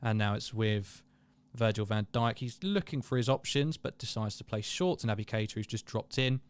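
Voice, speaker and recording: Fairly low-pitched and clean in tone, a young man speaks at a normal speed while hosting a live match watchalong. He keeps things chatty and self-deprecating, calling plays and reading out viewer comments.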